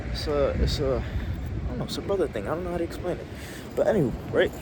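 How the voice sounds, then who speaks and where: A man's voice: on the high side, animated, quick pace, noisy background. A man telling a casual story to camera, slangy and rambling, often restarting his sentences. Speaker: vlogger.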